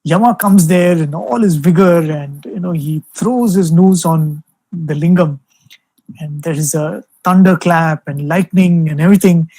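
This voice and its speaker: A young man gives a devotional talk over a video call, telling stories gently with lots of "you know" fillers. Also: on the high side, measured pace, no room sound, low-quality recording. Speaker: spiritual speaker addressing alumni.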